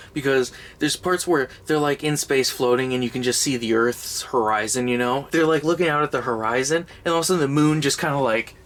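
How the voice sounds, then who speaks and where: A man's voice: medium pitch, fairly bright tone. Sarcastic young man ranting casually. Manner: sarcastic, rambling, swearing. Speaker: movie reviewer. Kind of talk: casual comedic movie review.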